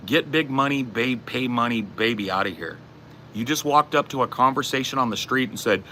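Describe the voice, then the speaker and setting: A man's voice: mid-range voice, animated, fairly quick, pushed and bright, a little hiss or hum. Sarcastic, ranting streamer guy. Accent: general Californian. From southern United States. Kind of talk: casual live-stream chat.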